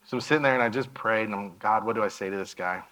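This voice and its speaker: A man's voice: on the low side, fast talker, fairly bright tone, low-quality recording. A man giving a missionary presentation in a church, telling a story and acting out the dialogue of the people in it.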